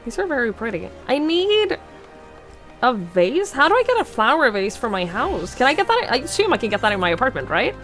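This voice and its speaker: Woman, game streamer, lively pitch, playful chat. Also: fairly quick, faint music behind. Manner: chatty, playful, talks to chat while playing. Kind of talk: casual game livestream chat.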